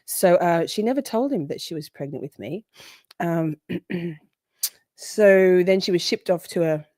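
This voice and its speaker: Woman, 40s, livestream host: loose, chatty, swears freely, lower-pitched voice, dry close sound. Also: a little slow, darkish tone, dry recording. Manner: chatty, swears, greets viewers by name. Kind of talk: casual livestream chat.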